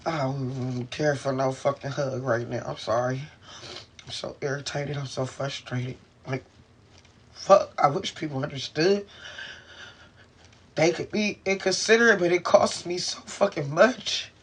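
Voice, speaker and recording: A man's voice: mid-range voice, fairly even intonation, measured pace, fairly bright tone, slightly rough. Frustrated man venting while in pain. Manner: frustrated, rambling, profane. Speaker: vlogger. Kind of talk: emotional venting to camera. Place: in a car.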